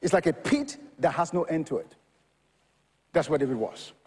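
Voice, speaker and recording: A man preaching a sermon, reading scripture quietly and then building to loud, shouted examples. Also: a little high, very animated, moderate pace, slightly rough, big-room sound.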